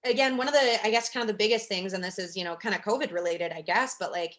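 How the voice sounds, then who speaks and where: A woman's voice: medium pitch, fast, fairly bright tone. Chatty young woman telling a story. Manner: chatty, fillers like "like" and "you know". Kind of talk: casual storytelling chat.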